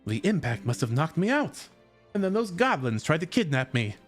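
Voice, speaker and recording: Man voicing a young game princess, formal, courteous, raised pitch, faint music behind. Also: sing-song, normal speed. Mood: earnest.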